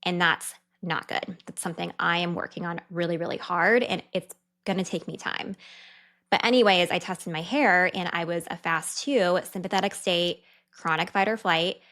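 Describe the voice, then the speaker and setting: A woman's voice: lowish voice, fairly even intonation, fairly bright tone. Chatty woman dietitian podcast host. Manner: chatty and candid, fast asides. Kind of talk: casual solo podcast talk.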